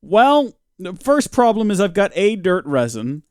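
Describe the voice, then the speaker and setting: A man's voice: sing-song, unhurried, a little mellow, smooth, no room sound, studio quality. A young man giving playful live commentary on a game he is playing, chatting with his viewers and slipping into silly voices. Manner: playful, talks to chat, jumps into silly high voices. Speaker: streamer.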